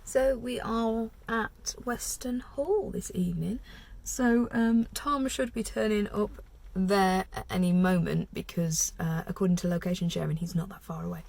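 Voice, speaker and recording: A tired British woman in her thirties, chatting casually to camera as a vlogging mother, often dropping into quiet whispered asides. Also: medium pitch, measured pace, gravelly, few pauses. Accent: British English. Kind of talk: casual vlog chat.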